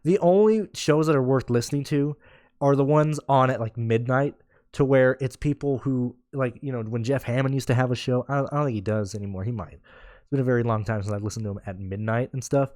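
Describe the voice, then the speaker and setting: A man's voice: medium pitch, fairly quick, a little mellow, dry recording, studio quality. A man ranting in a casual podcast, blunt and sarcastic, swearing freely and rambling with restarts. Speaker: podcast host. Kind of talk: casual rant.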